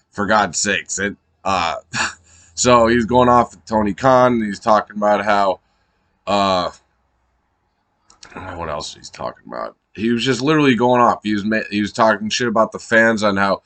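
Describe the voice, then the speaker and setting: A man giving off-the-cuff excited commentary, rambling and swearing, laughing often and restarting his sentences while a little high. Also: no room sound. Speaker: wrestling fan vlogger.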